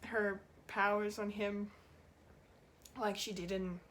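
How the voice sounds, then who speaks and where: A woman's voice: medium pitch, level tone, takes it slowly, a bit bright, a little hiss or hum. A woman giving an unscripted, rambling and emotional review of a TV episode, laughing often and swearing now and then. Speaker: pop culture reviewer.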